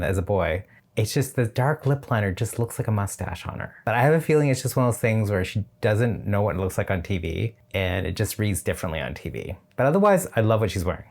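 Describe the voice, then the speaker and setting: A man's voice: fairly low pitch, animated, fast talker, darkish tone. A man reviewing a drag competition show in a casual, chatty reaction style, with opinionated and slightly shady asides.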